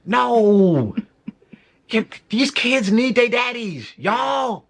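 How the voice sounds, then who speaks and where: A young man co-hosting a podcast in casual reaction chat, animated and slangy, laughing through his remarks. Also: very high-pitched, extremely slow. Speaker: podcast co-host.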